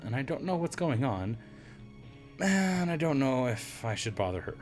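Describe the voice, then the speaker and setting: A hoarse man reading a visual novel aloud as a let's play narrator, with wry, self-deprecating asides. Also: mid-range voice, very animated, normal speed, a little mellow, soft background music.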